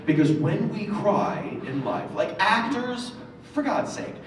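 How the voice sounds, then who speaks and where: A man's voice: high voice, expressive, takes it slowly, distant mic, a little hiss or hum. A man giving reflective advice about acting as a voice director on a convention panel, telling stories with emphatic asides. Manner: thoughtful, storytelling, emphatic asides. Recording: very echoey room, voice from afar.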